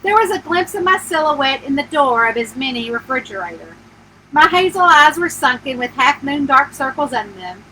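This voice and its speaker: A woman author reads her own novel aloud at home, a bedtime story told in an animated first-person voice. Her pitch sits high and swings widely, with a bright, forward tone. A faint background hiss lies beneath the reading. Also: moderate pace, poor audio. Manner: animated first-person narration, voicing the heroine with feeling.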